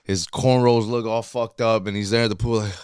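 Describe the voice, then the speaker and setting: A man's voice: lowish voice, steady tone, brisk, a little mellow, clear, resonant tone, dry recording, studio quality. A man from New Jersey in loose, profane comedy podcast banter, laughing often and repeating himself as he talks. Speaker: podcast guest or co-host. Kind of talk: casual comedy podcast chat.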